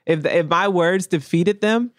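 A woman's voice: lowish voice, a little slow, no room sound. Straight-talking woman artist, hammers the same point over and over, dry close mic. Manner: blunt and emphatic, repeats key phrases. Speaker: painter being interviewed. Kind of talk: candid casual interview talk.

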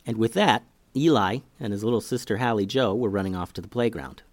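A man hosting a children's story podcast, narrating with an animated, expressive reading on a close mic. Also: lowish voice, brisk, hardly any pauses, no room sound.

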